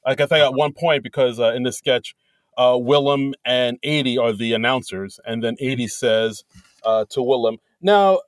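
A man co-hosting a podcast, talking haltingly about comedy sketches with many fillers and chuckles. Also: medium pitch, steady tone, dry recording. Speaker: podcast co-host. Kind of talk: casual chat reviewing comedy sketches.

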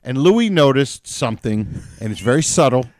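A man co-hosting a podcast in relaxed, laughing casual banter. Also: mid-range voice, moderate pace, slight background noise. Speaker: podcast co-host. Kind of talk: casual chat.

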